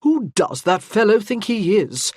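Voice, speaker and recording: A narrator voicing an irritated, possessive young army captain who speaks in an indignant, blustering way. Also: male voice, high-pitched, sing-song, normal speed, dry recording, clean studio sound.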